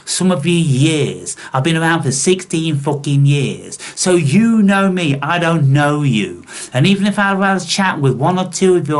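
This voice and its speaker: A man hosting a spiritual video channel, ranting bluntly at his viewers and swearing constantly with scorn. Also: on the high side.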